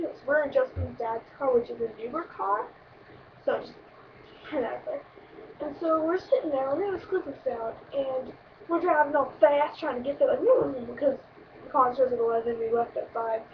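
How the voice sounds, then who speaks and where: A young woman vlogger telling a long road-trip story in a rambling, excitable way, swearing freely. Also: high-pitched, distant mic, lo-fi sound, background noise. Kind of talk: casual storytelling vlog.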